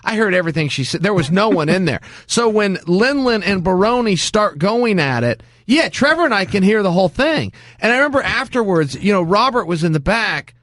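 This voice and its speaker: A man's voice: high-pitched, sing-song, brisk, hardly any pauses, fairly bright tone, dry recording, studio quality. A man in casual chat, speaking emphatically and explaining things to the audience.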